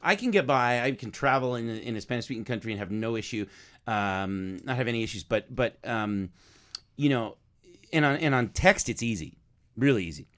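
A man talks fast in easy conversation, his pitch jumping around as he tells a story. He laughs often and restarts his sentences as the story tumbles out. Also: animated, a bit bright. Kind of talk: casual chat.

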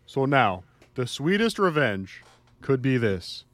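Man, podcast guest, quick and persuasive, mid pitch, dry close mic. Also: sing-song, a bit bright, no echo. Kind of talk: casual podcast banter.

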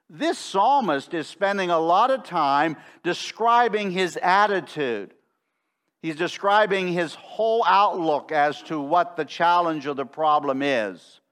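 Pastor, middle-aged male, emphatic sermon delivery, slightly higher voice, leans on key words. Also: fairly bright tone. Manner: emphatic, slows down to stress phrases. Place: church sanctuary.

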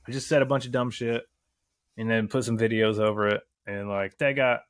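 A man's voice: fairly low pitch, fairly even intonation, fairly quick, no echo, studio quality. A young adult man chatting casually as a podcast guest, rambling and swearing often in a laid-back way. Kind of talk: casual chat.

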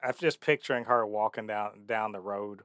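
A man co-hosting a casual chat, joking and excitable, swearing freely. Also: fairly low pitch, normal speed, clear, resonant tone, dry recording, clean studio sound. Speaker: podcast co-host.

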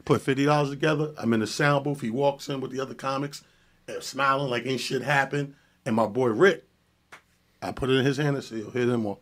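A male comedian telling a story on a podcast in an animated, profane way, acting out the dialogue. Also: medium pitch, a little fast. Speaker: comedian guest.

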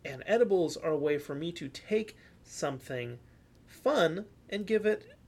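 A man's voice: on the high side, expressive, measured pace, gravelly. A young man co-hosting a podcast in casual chat, rambling with lots of fillers and the odd swear word. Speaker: podcast co-host.

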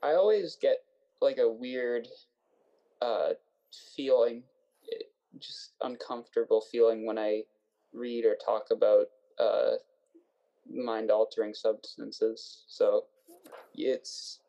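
A young man discussing a book in casual conversation, hesitant and soft-spoken, often trailing off. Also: mid-range voice, fairly even intonation, takes it slowly, long pauses, highs cut off.

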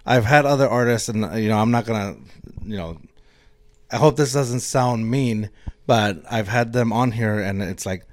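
Man, podcast host, lowish voice, dry sound, halting casual speech. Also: no echo. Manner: hesitant, many fillers and restarts. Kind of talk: casual interview chat.

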